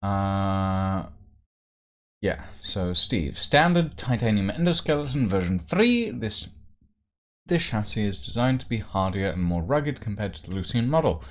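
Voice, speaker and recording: A man's voice: fairly low pitch, big pitch swings, measured pace. A man hosting a livestream, chatting casually and playfully, rambling and muttering to himself as he writes. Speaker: livestream host.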